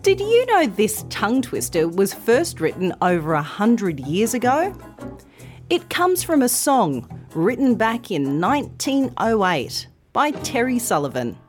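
A middle-aged woman hosting a scripted pronunciation lesson, modelling sounds slowly and carefully. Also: on the high side, huge pitch swings, faint music behind. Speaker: pronunciation teacher, host.

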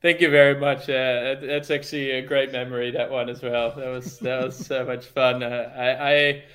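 A man's voice: mid-range voice, level tone, moderate pace, fairly bright tone. A man whose first language is Dutch, a former pro cyclist, talking casually on a podcast with many restarts and fillers. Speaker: cycling team staff, former pro rider.

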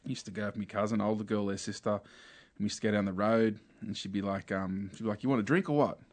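An Australian man telling childhood stories in a relaxed, casual chat full of slang. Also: on the low side, fast talker. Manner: relaxed storytelling with slang and laughs.

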